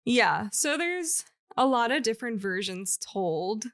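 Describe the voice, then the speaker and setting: A woman's voice: on the high side, very animated, measured pace, a bit bright, low-quality recording. A woman co-hosting a podcast, telling a legend in casual chat and laughing often between lines. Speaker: podcast co-host.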